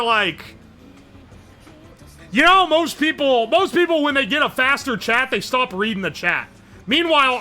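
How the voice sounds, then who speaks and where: A man's voice: very high-pitched, bright, forceful tone. A man streaming live, reading his chat aloud and reacting in a joking, profane way. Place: home streaming setup.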